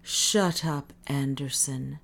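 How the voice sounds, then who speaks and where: A woman voicing a tired, frightened man who is a doctor, talking in a hushed, strained, often whispered voice. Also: low voice, fairly even intonation, takes it slowly. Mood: weary.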